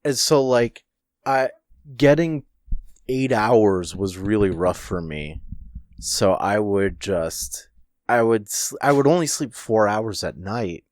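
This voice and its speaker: A young man chatting on a podcast, slow-talking and swearing freely as he rambles. His pitch swings widely. The sound is dry and close. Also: lively intonation, a little mellow, dry recording. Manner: laid-back, swears freely, trails off and restarts. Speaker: podcast co-host. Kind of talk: casual chat.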